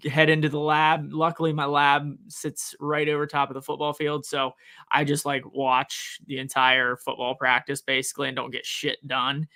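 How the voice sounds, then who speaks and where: A man's voice: on the high side, completely flat delivery, moderate pace, pushed and bright, dry recording, clean studio sound. A man co-hosting a sports podcast, chatting casually and rambling with frequent restarts. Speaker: college professor, podcast co-host.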